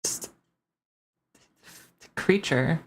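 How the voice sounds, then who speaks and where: A woman streamer ranting casually to her chat, rambling and swearing with many restarts. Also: very slow.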